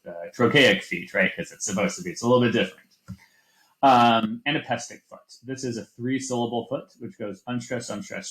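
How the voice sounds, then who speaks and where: A man with a somewhat low voice gives a class lecture. He speaks in a relaxed, loose way, full of fillers and restarts. The room around him is echoey. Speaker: teacher.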